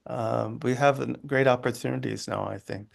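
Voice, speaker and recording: A man, a guest on a video call from his living room, telling a personal story in a halting way with many restarts. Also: medium pitch, fairly even intonation, vocal fry. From United States. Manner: halting, with frequent restarts and asides. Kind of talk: conversational storytelling.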